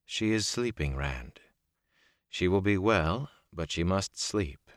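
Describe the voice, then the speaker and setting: A composed, commanding sorceress who speaks evenly and without hurry, as a male narrator puts her on. The voice sits low but moves with lively inflection. The recording is dry and close, with no room around it. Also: dry recording. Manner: measured, level and unhurried. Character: calm, commanding woman healer, composed and cool.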